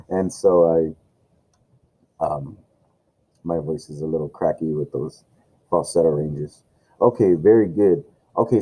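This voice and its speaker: A man's voice: low voice, mellow, rough recording. A man teaching an online music lesson, loose and encouraging, talking with plenty of fillers. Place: home room with camera and tablet.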